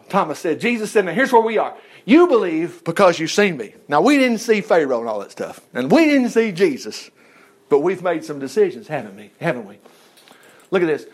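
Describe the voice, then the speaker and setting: A man preaching a sermon, reading scripture aloud and breaking off into casual asides and chuckles. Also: sits high. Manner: lively, asides and chuckles between verses.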